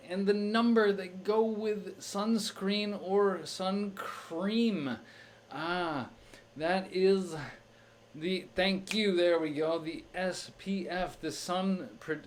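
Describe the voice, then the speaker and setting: A young man with a high voice chats casually on a live stream, thinking aloud as he works through a crossword. He uses plenty of fillers and keeps restarting his sentences, with slight background noise in the recording.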